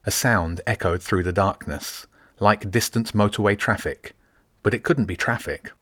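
A man narrating an audiobook in a measured, descriptive way. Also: fairly low pitch, a bit bright, no room sound, clean studio sound.

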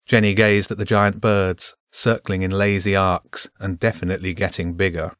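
Low-voiced male audiobook narrator. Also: little pitch movement, moderate pace, few pauses, fairly bright tone, no room sound, studio quality.

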